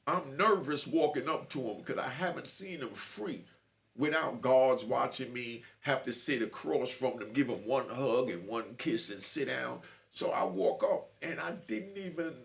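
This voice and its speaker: A man's voice: mid-range voice, animated, unhurried, creaky, fairly bright tone. A middle-aged man telling his own story to camera in a streetwise way, often asking "you know what I mean". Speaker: host.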